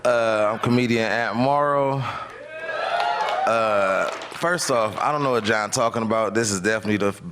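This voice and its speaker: A man performing stand-up in a club, his voice on the low side and his delivery slow and laid-back. A clear hiss runs under the recording. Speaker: stand-up comic. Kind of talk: stand-up set. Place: comedy club stage.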